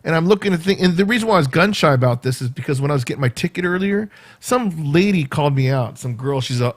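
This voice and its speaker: Vlogger man, slightly higher voice, rambling animated storyteller, casual. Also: fast talker. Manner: rambling, animated retelling with quoted asides.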